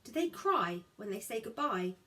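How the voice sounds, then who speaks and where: A woman's voice: fairly high pitch, sing-song, moderate pace, bright, forceful tone. A woman reading a story aloud, voicing an inquisitive, stubborn little girl who pleads and asks questions in a childlike way. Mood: pleading, curious.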